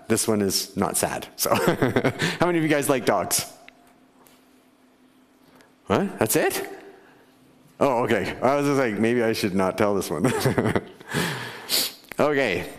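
A man's voice: fairly low pitch, big pitch swings, takes it slowly, long pauses. A man preaching a conversational sermon to his congregation, often laughing and asking them questions. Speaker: pastor. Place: church sanctuary. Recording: church hall with long reverb.

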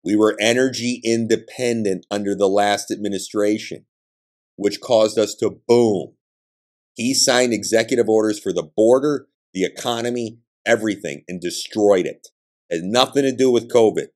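A man's voice: fairly low pitch, normal speed, a little mellow. A man hosting a podcast, delivering a combative political monologue with blunt, emphatic ranting and profanity. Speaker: podcast host.

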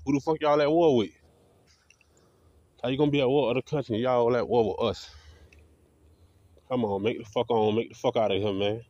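A man's voice: mid-range voice, fairly even intonation, fast, dark tone, dull audio, a little hiss or hum. A man vlogging in a combative, profane ranting monologue, talking defiantly. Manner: combative, defiant, heavy swearing.

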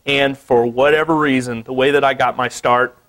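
A man from Missouri, an artist telling a story at a museum talk in an animated way, laughing often and saying "you know" a lot. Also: medium pitch, moderate pace. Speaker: artist giving a gallery talk. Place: museum lecture space.

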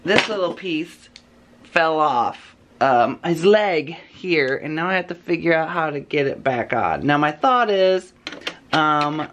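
A man's voice: on the high side, lively intonation, takes it slowly, a bit bright, dull audio. Chatty gushing male vlogger. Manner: rambling, chatty, gushing with lots of fillers. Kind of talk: casual vlog chat. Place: home, then a store.

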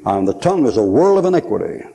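A man's voice: on the low side, very animated, quick pace, vocal fry, mellow. A man in his sixties preaching a folksy sermon at a conference, joking and laughing as he tells stories.

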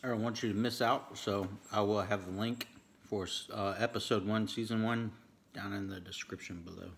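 A man's voice: lowish voice, normal speed. A man vlogging his day at home as a streamer, talking casually to his viewers while he eats. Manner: relaxed, talks to viewers while eating. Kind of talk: casual vlog chat.

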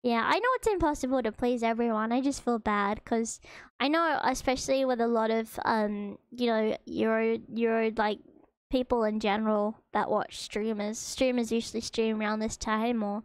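A woman's voice: a little high, fairly even intonation, moderate pace, clear, resonant tone, dry recording. A young woman with an Australian accent, chatting casually with viewers as a streamer in a hesitant, rambling, emotional way.

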